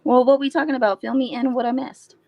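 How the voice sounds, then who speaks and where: Blunt, fast-talking woman co-host, mid-pitched voice. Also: fairly even intonation, muffled recording. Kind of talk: casual live-stream chat.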